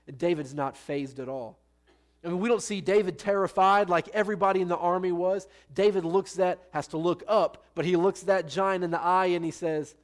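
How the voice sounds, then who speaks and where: A man preaching a Sunday sermon with a somewhat high voice. He tells the story in an easy, folksy way, with plenty of asides to the people listening. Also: brisk. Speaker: pastor.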